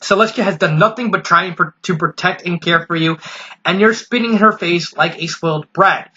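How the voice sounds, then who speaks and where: A man voicing a sharp-tongued, protective young female pony who scolds. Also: sits high, moderate pace, muffled recording, a little hiss or hum. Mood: scolding. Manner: scolding, snappish.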